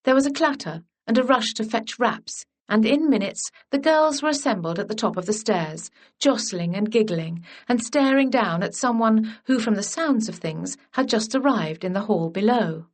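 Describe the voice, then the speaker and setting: A woman narrating a historical romance audiobook in a gentle, measured storytelling manner. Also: on the high side, animated.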